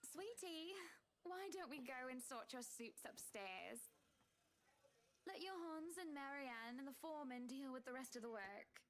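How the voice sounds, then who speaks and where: A woman voicing a hushed gentle young wife. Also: high voice, expressive, measured pace. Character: soft-spoken young wife. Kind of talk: reading game dialogue aloud.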